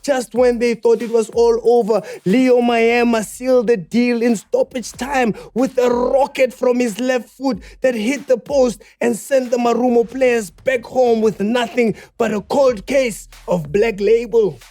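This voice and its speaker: A man's voice: very high-pitched, steady tone, measured pace, hardly any pauses, mellow, faint music behind. A man playing a cocky male sports news reporter in a spoof bulletin, with a punchy mock-broadcaster delivery. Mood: hyped. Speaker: comedy podcast host.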